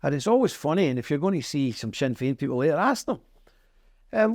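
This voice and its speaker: Middle-aged Northern Irish male guest, lively pitch, dry room sound; emphatic storyteller. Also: fast talker, no echo. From Northern Ireland. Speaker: interview guest. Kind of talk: conversational interview.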